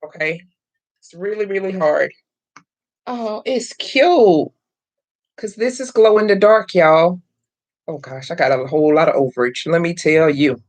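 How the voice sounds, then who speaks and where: A woman's voice: sits low, moderate pace. A middle-aged woman, hosting a live craft stream and chatting with viewers as she works. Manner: chatty, addresses viewers as y'all, greets chat by name. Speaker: craft channel host. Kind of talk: casual live-stream chat while crafting.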